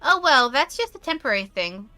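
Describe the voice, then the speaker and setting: Girl doing soft hesitant robot caretaker guy, bright voice, game. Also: high voice, very animated, a little fast, pitched above the performer's own voice, exaggerated voice. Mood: reassuring. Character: gentle male animatronic caretaker.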